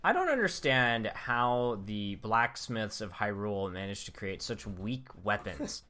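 A man's voice: lowish voice, very animated, measured pace, sharp tone. A man co-hosting a podcast, chatting casually with a wry, joking manner. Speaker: podcast co-host. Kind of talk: casual chat.

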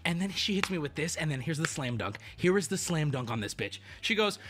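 A man streamer telling a ranting story, animated and profane, with sudden outbursts. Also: a little high, fast talker, hardly any pauses. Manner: animated, swearing, mock voices and sudden outbursts.

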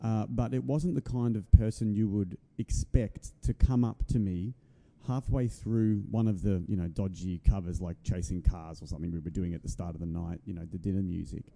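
Gravelly, dark-voiced man hosting. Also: deep voice, steady tone, normal speed, few pauses. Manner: easygoing, many fillers, affirms with "yeah". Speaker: podcast host and musician. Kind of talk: casual chat.

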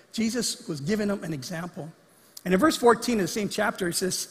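A man preaching from the pulpit with a high voice, animated and fond of acting out the voices he quotes. The sound carries a long reverb from the church sanctuary around him. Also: brisk. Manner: animated, acts out quoted lines. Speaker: pastor. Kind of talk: sermon.

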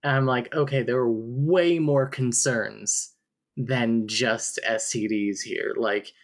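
A man's voice: medium pitch, steady tone, slow pace. Sarcastic man co-hosting a comedy podcast. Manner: sarcastic, frank. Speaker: podcast co-host. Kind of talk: casual comedic book discussion.

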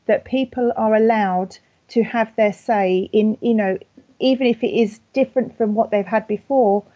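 A woman with a British accent, a funeral celebrant, talking in a gentle, thoughtful way with frequent ums and restarts in a podcast interview. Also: a little high, steady tone, normal speed, no room sound, lo-fi sound.

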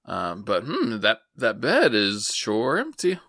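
A man's voice: on the low side, wildly swooping pitch, slow, bright, forceful tone, no echo, studio quality. A man co-hosting a casual podcast, recapping an anime episode in an amused way and swearing casually. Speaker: podcast co-host.

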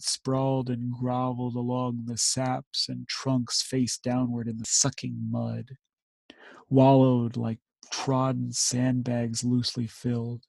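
A man reading war poetry aloud with slow, measured emphasis, then discussing it casually as a podcast co-host. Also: mid-range voice, vocal fry, a little mellow, breathy edge, dry recording.

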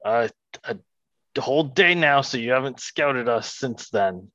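A man playing a tabletop game who speaks in a hesitant, joking way, often halting mid-sentence. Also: medium pitch, expressive, sharp tone, no room sound, muffled recording. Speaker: player. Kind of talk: casual tabletop role-play.

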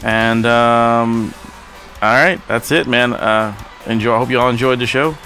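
A man hosting a casual podcast, reacting quickly and heartily to his co-hosts. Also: mid-range voice, steady tone, sharp tone, faint music behind. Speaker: podcast host.

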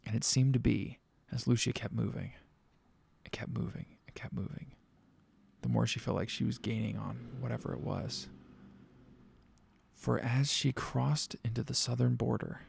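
A man narrating a spooky story in a measured, dramatic manner. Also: medium pitch, fairly even intonation, creaky, a little mellow, breathy edge.

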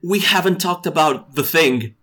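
A man's voice: a little high, expressive, moderate pace, bright, forceful tone. A male game developer chatting casually in an interview, hesitant, with many fillers and restarts. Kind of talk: casual chat.

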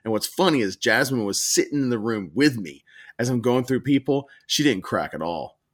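A man co-hosts a casual podcast and tells his story in an animated, rambling way. His voice sits at an ordinary middle pitch. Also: moderate pace. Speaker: podcast co-host.

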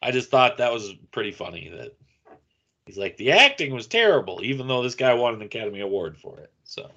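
A man's voice: lowish voice, a little fast, creaky, a bit bright, muffled recording. Wry male podcast co-host. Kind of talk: casual chat.

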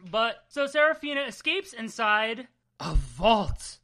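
A young man with a New Jersey accent co-hosting a comic book podcast in casual, animated chat, teasing his co-host and swearing freely. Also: high voice, normal speed.

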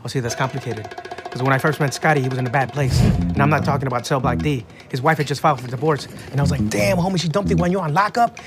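A man's voice: medium pitch, quick pace, loud music behind the voice, close to an everyday voice. An actor playing a chatty man with a Chicano accent, telling a long, rambling story in a film scene. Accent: Chicano English. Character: fast-talking rambling ex-con man, adult.

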